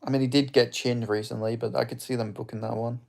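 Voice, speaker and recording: Gravelly young man streaming fight commentary. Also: medium pitch, flat delivery, fast, darkish tone. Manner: chatty, reacting to strikes, reading viewer chat aloud; blunt, swears freely. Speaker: streamer hosting a live fight watch-along.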